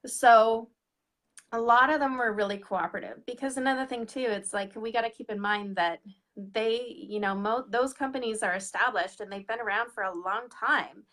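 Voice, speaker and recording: Female co-host, casual chat, high-ish voice, lively and talkative. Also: normal speed. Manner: chatty, animated, acts out quoted voices. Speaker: money coach, co-host.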